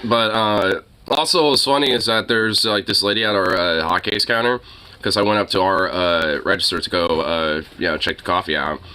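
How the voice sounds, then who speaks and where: A man's voice: low voice, fairly even intonation, normal speed, sharp tone, clear, resonant tone, soft background music, rough recording. A young man chatting casually with his viewers, rambling with lots of fillers and swearing. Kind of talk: casual chat.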